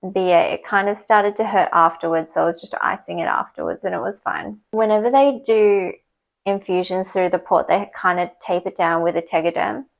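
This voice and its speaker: A woman's voice: lowish voice, fairly even intonation, moderate pace, creaky, rough recording. A young woman talking casually to camera, telling a candid personal story and retelling conversations. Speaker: vlogger. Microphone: small clip or desk mic, sometimes knocked.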